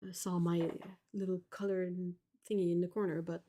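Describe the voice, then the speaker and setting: A woman's voice: fairly low pitch, level tone, normal speed, mellow. A woman in her forties hosting an art livestream, chatting casually while she paints and reads viewer comments aloud, laughing at her own jokes. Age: 40s. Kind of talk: casual live-stream chat while painting.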